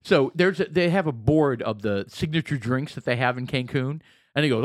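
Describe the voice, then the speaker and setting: A man's voice: medium pitch, moderate pace, dry recording, studio quality. A man co-hosting a podcast, telling stories in casual chat and often mimicking other people's voices. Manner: animated storyteller, mimics voices. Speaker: podcast co-host.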